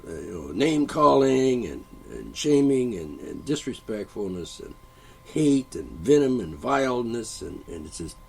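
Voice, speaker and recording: A man hosting a solo monologue show, rambling and profane, often stopping to clear his throat. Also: on the low side, very animated, a little slow, a little mellow, low-quality recording. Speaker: podcast host.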